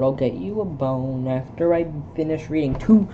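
A woman at home reading a film script aloud for laughs, stumbling over lines in a deadpan way. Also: low voice, moderate pace, hardly any pauses, phone-quality sound, a little hiss or hum. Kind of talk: casual comedic script reading. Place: home with a pet dog.

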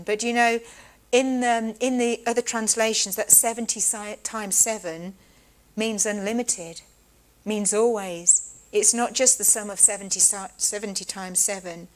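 A woman preaching a sermon in a measured, conversational way. She slows down to stress key words and drops in casual asides. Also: medium pitch, steady tone, rough recording.

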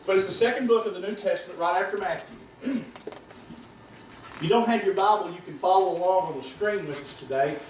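A man preaching a sermon as pastor, reading scripture aloud in a measured, deliberate way with pauses, recorded in a church sanctuary. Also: sits high, a little hiss or hum. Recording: echoey church room from a distance.

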